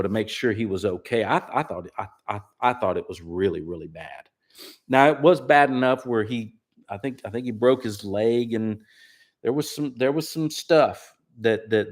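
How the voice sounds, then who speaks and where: A man, a singer-songwriter host telling rambling, laid-back stories in his living room and putting on friends' voices. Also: on the low side. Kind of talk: casual storytelling chat.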